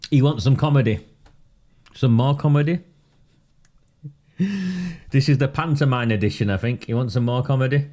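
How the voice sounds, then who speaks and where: A man's voice: mid-range voice, normal speed, pauses often, warm tone. A man doing casual live commentary on local politics for his viewers. He talks in a sarcastic, mocking way and often breaks into laughter.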